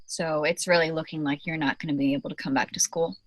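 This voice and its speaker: A woman's voice: low voice, steady tone, quick pace, dry recording. An actress playing a young college woman talking to her friend on the phone, with playful, teasing banter. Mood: wistful. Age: young adult. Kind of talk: audio drama acting.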